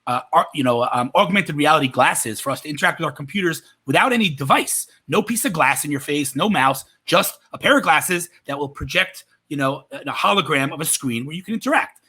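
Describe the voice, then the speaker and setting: A man speaking as a podcast guest, telling a story with animated enthusiasm. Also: a little high, brisk, few pauses, slightly rough. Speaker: podcast guest, tech marketer. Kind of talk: conversational interview.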